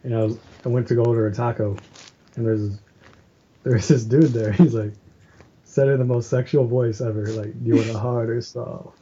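Mellow-voiced man in laid-back chat. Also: medium pitch, fairly even intonation, moderate pace. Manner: joking, laid-back storytelling. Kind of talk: casual group chat. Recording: muffled lo-fi recording with faint noise.

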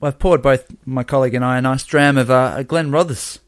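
A man co-hosting a casual podcast, playful and quick with jokey asides. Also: mid-range voice, fairly even intonation, no echo, clean studio sound. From Tasmania, Australia. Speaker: podcast co-host.

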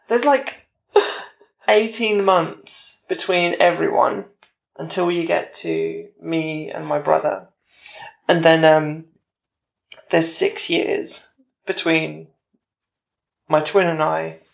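Gravelly low-voiced woman hosting a podcast. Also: takes it slowly, long pauses, dull audio. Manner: joking and teasing, swears casually. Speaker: podcast host. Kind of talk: casual interview chat.

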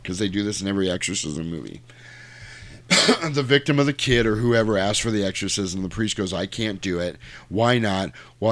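Low-voiced man retelling a movie. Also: no echo. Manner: animated storyteller acting out lines in quick voices. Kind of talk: casual chat retelling a movie.

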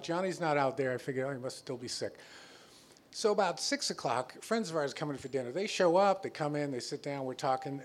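A man telling a true story on a stage before a live audience, halting and stammering as he acts out the quotes. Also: medium pitch, a little hiss or hum.

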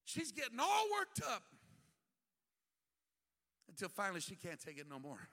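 A man's voice: high-pitched, wildly swooping pitch, moderate pace, sharp tone. A male bishop preaching a sermon, telling the story with humor and acting out the scenes. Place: church sanctuary. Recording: long church hall reverb.

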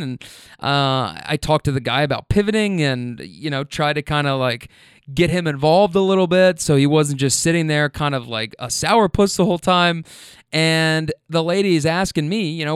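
A male podcast host telling a casual story about a rideshare fare, full of restarts and swearing. His voice is smooth and clear, a touch higher than usual, and recorded dry and close. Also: normal speed, a bit bright, no echo. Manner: rambling, profane, many restarts.

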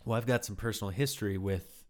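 Male actor, lowish voice, candid, rambling, lots of "like", interview storytelling. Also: fast, darkish tone. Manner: candid, rambling with many "like" fillers.

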